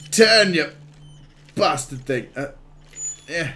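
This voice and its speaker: A man's voice: fairly high pitch, expressive, slow, pauses often. A man giving jokey let's-play commentary over a game, exclaiming and making silly sound effects. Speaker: gaming video host.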